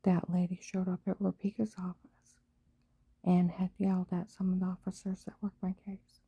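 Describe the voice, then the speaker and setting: Gravelly, breathy woman whispering urgently. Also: on the low side, completely flat delivery, moderate pace, dry recording. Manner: mostly unvoiced whisper with sudden louder outbursts; breathless, urgent, run-on storytelling. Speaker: vlogger. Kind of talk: rambling personal monologue.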